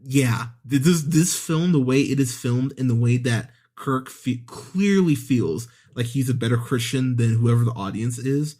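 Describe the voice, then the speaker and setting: A man's voice: medium pitch, lively intonation, unhurried, hardly any pauses, warm tone. A man ranting through a sarcastic, profane movie review on a podcast, with exasperated asides and mocking impressions.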